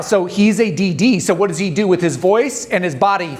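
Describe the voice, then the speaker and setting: A man's voice: sits high, fairly quick. A man giving a talk to an audience, telling stories, quizzing the crowd and acting out the voices in his stories. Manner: storytelling, asks the audience questions, acts out voices. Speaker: speaker training dental or medical teams.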